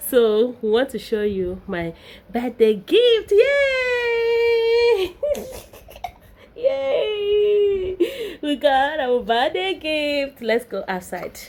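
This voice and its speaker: A woman's voice: on the high side, animated, slow, a little mellow. A young Nigerian woman vlogging at home, playful and laughing often as she coaxes her baby son. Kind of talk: casual home vlog talking to camera and her baby. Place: home, indoors.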